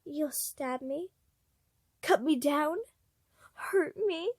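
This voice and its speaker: A woman voicing a sly, scheming male liar who talks slowly and quietly with a smirk. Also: no echo, studio quality. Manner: slow, low, smirking.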